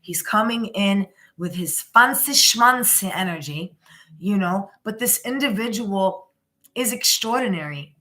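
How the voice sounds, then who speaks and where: Lady reading tarot cards live, bright sharp voice, keeps restarting her sentences. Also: medium pitch, expressive, a little slow. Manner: rambling, with many restarts and repeated "you know"; emphatic and encouraging. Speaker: tarot reader.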